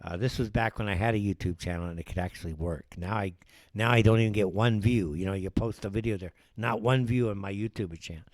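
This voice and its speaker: A man's voice: on the low side, fast talker, a little mellow, no echo. A man hosting a live show, ranting in heated, sarcastic commentary. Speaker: show host. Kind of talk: livestream commentary.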